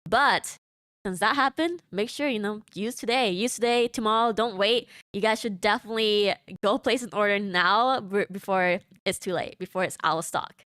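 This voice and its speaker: A woman hosting a promotional livestream, energetic and chatty, talking straight to her viewers. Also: mid-range voice, moderate pace, smooth, no room sound, clean studio sound. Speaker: livestream host.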